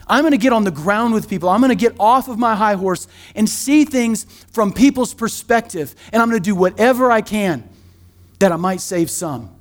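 A middle-aged man, a pastor, preaching a sermon in a church in a conversational, joking way with quick asides. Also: sits high. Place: church sanctuary.

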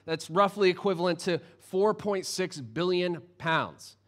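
A man's voice: sits high, a little slow, a bit bright. A man preaching a sermon in a conversational, humorous way, often restarting his sentences. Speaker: pastor.

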